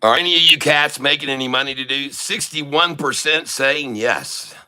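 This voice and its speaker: Bright-voiced man chatting on a live stream. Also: medium pitch, normal speed, a little hiss or hum. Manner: joking, talks straight to the chat. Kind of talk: casual live stream chat.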